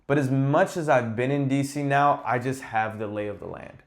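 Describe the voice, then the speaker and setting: Podcast host, man, mid-pitched, animated profane rant, exasperated. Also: normal speed. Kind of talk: casual ranting monologue.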